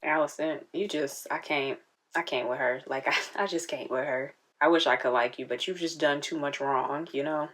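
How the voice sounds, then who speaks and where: A woman's voice: low-pitched, moderate pace, fairly bright tone, slight background noise. A woman hosting a casual reaction video, chatting and talking back at the screen.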